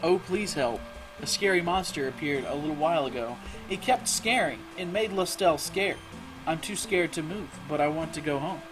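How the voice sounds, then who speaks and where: A man voicing a frightened, whiny little girl in a game, whimpering and squeaky. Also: normal speed, music in the background, close to an everyday voice, low-quality recording. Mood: scared, whimpering.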